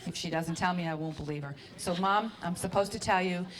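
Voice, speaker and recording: A woman working as a spirit medium, giving readings to an audience in a warm, coaxing way and calling people honey and sweetheart. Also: fairly low pitch, brisk.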